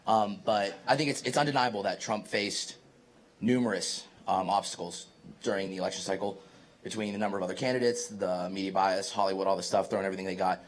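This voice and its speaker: A man's voice: low-pitched, steady tone, quick pace. A young man in the audience asking a question at a public talk, casual and eager. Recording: crowd murmur and room noise behind.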